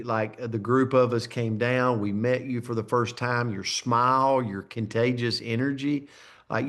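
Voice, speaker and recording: A man leading a company video call, effusively congratulating a team member and hyping up the audience. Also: mid-range voice. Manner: enthusiastic, effusive, hype-building. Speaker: network marketing company leader.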